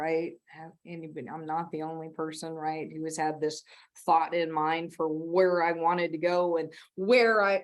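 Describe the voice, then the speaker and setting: A middle-aged woman giving a conversational, rambling sermon as a guest speaker, laughing often at herself. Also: fairly low pitch. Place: church sanctuary.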